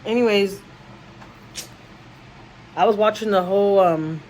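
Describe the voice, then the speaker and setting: A woman's voice: medium pitch, measured pace, a little mellow, a little hiss or hum, poor audio. Rambling woman vlogger. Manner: rambling, with many restarts and repeated words; emotional storytelling. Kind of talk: casual chat to camera.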